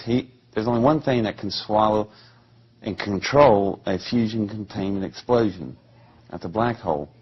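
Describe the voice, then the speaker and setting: Deep, husky man telling a story. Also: lo-fi sound. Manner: animated, acts out quoted voices. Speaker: interview guest. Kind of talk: storytelling in an interview.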